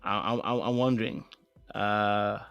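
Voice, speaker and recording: A man's voice: lowish voice, steady tone, measured pace, creaky, fairly bright tone, clear, resonant tone, no echo, highs cut off, faint music behind. A man with a British accent hosting a podcast in casual live-stream chat, rambling with many fillers and repeated phrases, playfully insistent. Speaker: podcast host.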